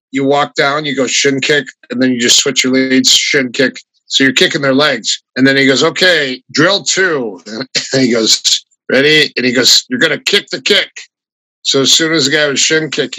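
Guy telling wild stories, gets animated doing other people's lines, bright voice, dry sound. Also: mid-range voice, no echo, poor audio. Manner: animated, raises his voice when quoting others. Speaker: martial arts guest. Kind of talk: casual anecdotal storytelling.

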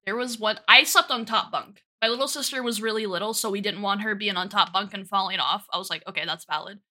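A young woman co-hosting a podcast, telling a childhood story in a relaxed, low-key way with frequent laughs. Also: quick pace. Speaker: podcast co-host. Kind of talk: casual chat, storytelling.

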